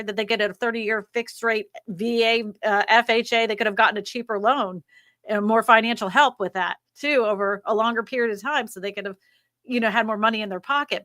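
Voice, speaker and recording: A woman's voice: on the high side, fairly bright tone, no room sound, clean studio sound. A woman hosting a livestream, explaining things in a chatty way with many asides. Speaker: host. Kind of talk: casual livestream chat.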